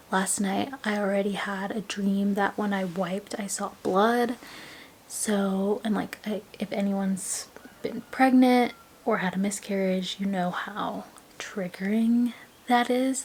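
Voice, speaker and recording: A young woman talks through a personal vlog at an unhurried pace, her voice soft and often slipping into a half-whisper. Small laughs break in now and then, and a faint hiss sits under the recording. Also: medium pitch, poor audio. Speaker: vlogger.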